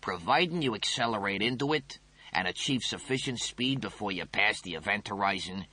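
A man's voice: on the low side, animated, fairly quick, bright, forceful tone, no room sound. A man voicing a smug male talking toaster that lectures and teases, in an audiobook reading. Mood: lecturing. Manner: coy, teasing, lecturing.

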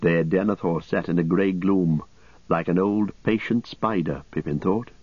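A man narrates an audiobook from a script, his voice low and husky and his pace steady and measured. The close, dry recording sounds slightly dull and has no room sound.

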